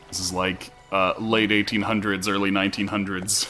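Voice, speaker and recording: Man, casual game commentary, lowish voice, bright tone, faint music behind. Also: normal speed, few pauses. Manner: relaxed, wry asides. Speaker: streamer.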